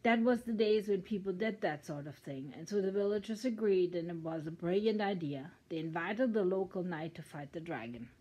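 A woman's voice: lowish voice, normal speed, hardly any pauses, mellow, slightly rough, poor audio. An older woman from Germany with a German accent, reading a children's story aloud with chatty asides. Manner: chatty asides between sentences.

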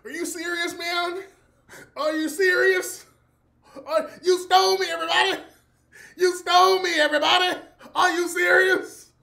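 A man putting on a shrill, whining actor in a French costume who keeps swearing about his injury. The voice jumps far above the speaker's usual pitch and comes out loud and strained, with a complaining edge. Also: steady tone, a little slow, long pauses. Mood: shrill outrage.

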